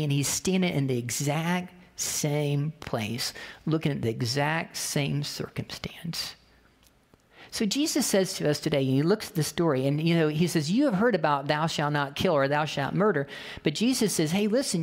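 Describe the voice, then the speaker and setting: Animated, conversational male preacher. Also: on the high side. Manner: conversational, animated, with frequent rhetorical "right?". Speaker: pastor. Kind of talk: storytelling sermon.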